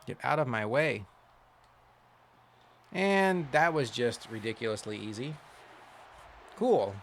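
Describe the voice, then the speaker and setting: A man giving casual commentary while playing a football video game, wry and quick to complain, then cheering loudly on big plays. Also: medium pitch, lively intonation, creaky. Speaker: gaming channel host.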